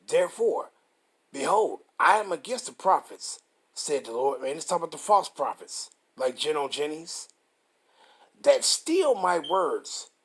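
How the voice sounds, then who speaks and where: Guy with a kinda raspy, slightly high voice, cursing his way thru bible verses, drags the verses out slow and heavy. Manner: profane and combative, reads verses slowly and forcefully. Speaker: scripture commentator. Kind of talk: reading scripture with heated commentary.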